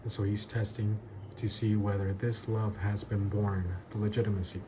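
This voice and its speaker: A man's voice: fairly low pitch, little pitch movement, normal speed. A man teaching an expository Bible lesson as a pastor, emphatic and repeating key words for stress. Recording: noticeable background ambience noise.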